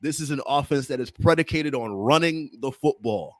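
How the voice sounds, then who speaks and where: A man hosting a sports podcast in casual chat, playful and teasing and quick to laugh. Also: medium pitch, dry recording, clean studio sound. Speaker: podcast host.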